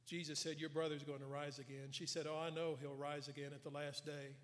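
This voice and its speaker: An earnest man preaching in a church sanctuary, his slightly high voice carrying a long hall reverb. He retells scripture with voiced quotes and drops soft for emphasis. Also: little pitch movement, a little fast. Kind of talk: sermon.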